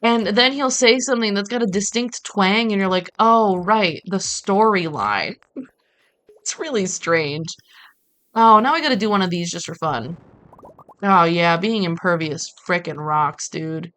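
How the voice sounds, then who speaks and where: A woman's voice: mid-range voice, moderate pace, a bit bright. A woman from Brazil streaming a farming game, talking in a chatty, rambling way with casual swearing. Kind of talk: casual gaming stream commentary.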